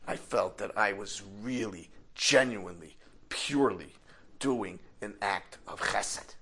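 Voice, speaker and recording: Guy doing a hotel owner, high and shouty when he's riled, bright edgy voice. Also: slow pace, breathy edge, full character voice. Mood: sincere. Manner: swings from calm to furious shouting. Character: fiery, proud middle-aged hotel owner.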